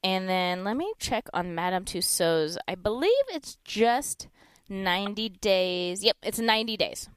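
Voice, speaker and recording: A woman hosting a live radio shopping show, pitching deals in a chatty, upbeat way and reading out the phone number slowly. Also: clear, resonant tone, no room sound. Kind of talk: live radio deal segment with callers.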